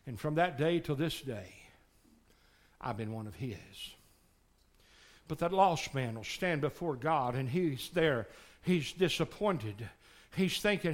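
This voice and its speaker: Older guy preaching hard, super high bright voice, yells then goes hushed. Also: normal speed. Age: 60s. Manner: impassioned, swings from shouting to hushed pleading. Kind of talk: revival sermon.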